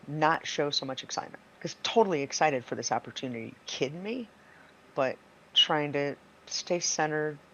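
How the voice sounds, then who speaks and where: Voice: medium pitch, fairly bright tone, slight background noise. Eager, rambling player on a dull recording. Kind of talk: tabletop role-play.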